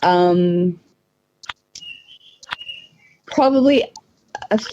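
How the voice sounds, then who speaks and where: Woman guest, hesitant storyteller; lowish warm voice on a dull, slightly hissy line. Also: lively intonation, drawn-out words. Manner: hesitant, many ums. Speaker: podcast guest. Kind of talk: personal story in casual talk.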